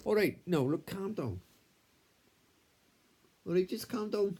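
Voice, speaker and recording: A man blusters through an improvised comedy bicker in a put-on accent that wavers between Welsh and Scouse. His voice is mellow, and he swears constantly and tacks innit onto his lines. He is recorded on a tablet camera. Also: sits high, lively intonation, takes it slowly, pauses often, husky. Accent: put-on mix of Welsh and Scouse. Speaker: comedy sketch performer.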